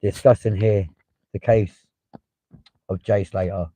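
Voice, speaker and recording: A man's voice: lowish voice, level tone, slow pace, dark tone, dry recording, low-quality recording. A man hosting a live stream, giving blunt, profane, heated casual commentary.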